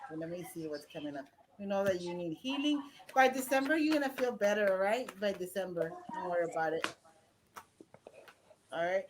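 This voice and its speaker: A woman with a Mexican accent reads tarot cards on a live stream. She talks bluntly and swears freely, rambling from card to card. The stream carries a clear layer of background noise under her voice. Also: medium pitch, animated, a little fast. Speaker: tarot reader.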